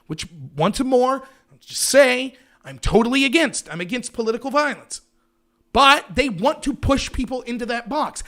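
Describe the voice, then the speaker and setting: An American man hosting a political call-in show, arguing emphatically and mocking opponents. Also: pushed and bright. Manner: emphatic, argumentative, mocks opponents in high voices. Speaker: show host.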